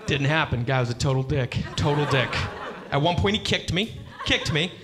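A man doing stand-up comedy, telling a story in an animated way and acting out the people in it. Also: normal speed, music in the background. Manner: animated, acts out characters with big jumps in pitch.

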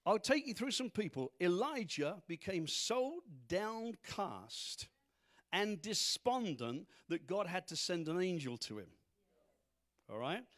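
A man's voice: sits high, fairly bright tone. A man preaching a sermon as pastor to a congregation, full of rhetorical questions. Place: church congregation.

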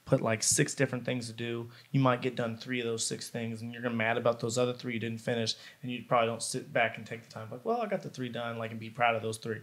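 A man talking casually on a podcast, supportive and easy to relate to. He speaks quickly, at a mid pitch. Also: fairly even intonation. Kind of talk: casual chat.

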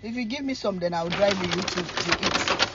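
A middle-aged woman, chatting casually to camera as a cooking vlogger, telling stories in a teasing, animated way and laughing often. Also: mid-range voice, normal speed, muffled recording, very noisy.

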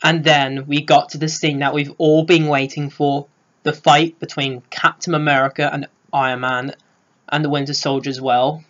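A man giving a casual spoiler review of a film, gushing and filling pauses with "uh". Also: fairly high pitch, flat delivery, fairly bright tone, dull audio. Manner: gushing, lots of filler words. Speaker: film vlogger.

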